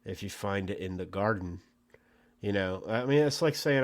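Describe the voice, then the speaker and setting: A man's voice: fairly low pitch, animated, normal speed. A man co-hosting a podcast, ranting in a profane, exasperated way in casual chat. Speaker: podcast co-host.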